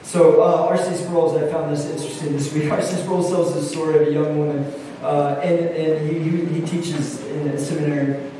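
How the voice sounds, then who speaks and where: High-voiced preacher in an echoing hall. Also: male voice, moderate pace, slight background noise. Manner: animated storytelling, many restarts. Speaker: pastor. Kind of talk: sermon. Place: church hall. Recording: echoey hall from far off.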